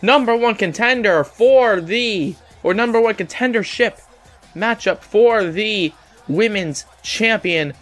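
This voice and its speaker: A man with a notably high voice hosts a gaming channel. He calls wrestling video game matches in an excitable play-by-play style and keeps addressing "ladies and gentlemen.". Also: slow pace, faint music behind.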